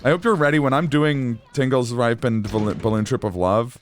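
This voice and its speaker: A man's voice: mid-range voice, brisk. A man casually commenting as he streams a game, chatty, rambling and self-deprecating.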